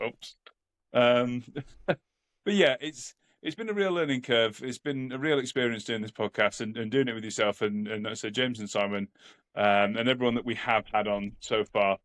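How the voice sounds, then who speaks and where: A man's voice: medium pitch, normal speed, fairly bright tone. A man co-hosting a casual podcast, rambling and repeating words as he thinks aloud. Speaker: podcast co-host.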